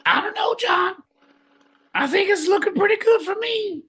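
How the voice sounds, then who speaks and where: A performer voicing a brash, boastful male guest on a comedy podcast, shouting and hyped. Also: very high voice, moderate pace.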